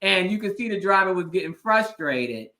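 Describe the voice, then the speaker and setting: A woman's voice: medium pitch, expressive, moderate pace, bright, forceful tone. A woman hosting an interview as a legal analyst, recounting events in an earnest, emphatic way and murmuring agreement while her guest talks. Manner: earnest storytelling, emphatic, frequent affirming murmurs. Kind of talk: casual interview conversation.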